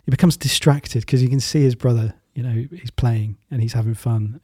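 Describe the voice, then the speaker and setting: Relaxed man telling a story. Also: mid-range voice, moderate pace, hardly any pauses, breathy edge, dry recording, studio quality. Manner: relaxed, rambling with fillers and restarts. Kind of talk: casual storytelling in a talk.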